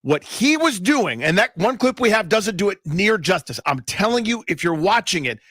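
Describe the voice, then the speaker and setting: Emphatic man, lively co-host voice. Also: sits high, normal speed, dry recording, clean studio sound. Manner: emphatic, opinionated. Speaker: sports radio co-host. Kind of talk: casual sports talk.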